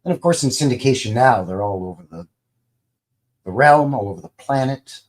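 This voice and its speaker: A middle-aged Canadian man hosts a live stream in a loose, rambling chat. His folksy delivery is full of fillers and restarts. His pitch rises and falls in a lively, animated way. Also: moderate pace.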